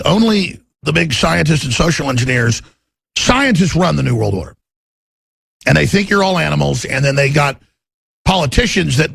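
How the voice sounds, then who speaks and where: A middle-aged man hosting a political talk radio show, delivering an intense, ranting monologue with a gravelly, husky voice. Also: fairly bright tone, no echo. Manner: intense, ranting, swings to menacing low growls in acted quotes.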